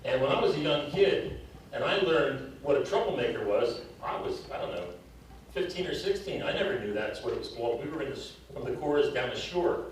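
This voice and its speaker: A man's voice: medium pitch, animated, a little fast, a little hiss or hum. An older man teaching a live drum clinic, counting off drills and telling stories, a little out of breath. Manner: coaching, counting off and storytelling. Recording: distant mic in echoey hall.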